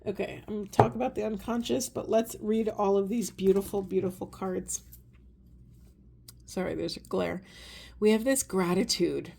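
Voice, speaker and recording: A woman giving a spiritual oracle card reading, earnest and gentle, often trailing into soft, hushed asides. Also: medium pitch. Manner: gentle, earnest, rambling with self-corrections. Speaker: tarot and oracle card reader.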